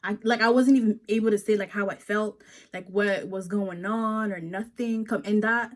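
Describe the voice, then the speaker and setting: A young woman in her twenties chatting casually on her vlog, animated and acting out what people said, with lots of "like". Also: medium pitch, moderate pace. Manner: animated, acts out quoted voices, many likes. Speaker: vlog host. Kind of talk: casual storytelling chat.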